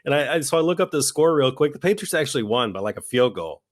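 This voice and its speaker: A man co-hosting a podcast, talking politics in a heated, profane, mocking way, his voice jumping into high-pitched outbursts. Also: very animated, quick pace. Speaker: podcast co-host.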